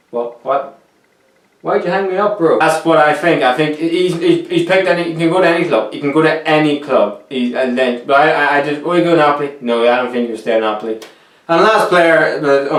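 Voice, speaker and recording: A man's voice: a little high, reverberant, distant mic. A man chatting casually to viewers about football transfers, joking as he goes. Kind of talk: casual football commentary vlog. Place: room cooled by two big fans.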